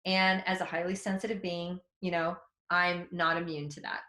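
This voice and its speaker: A psychic development teacher in her forties tells a story during a webinar, casual, candid, and animated, with some mild swearing. Her voice is on the low side at a normal pace, and the sound is reverberant.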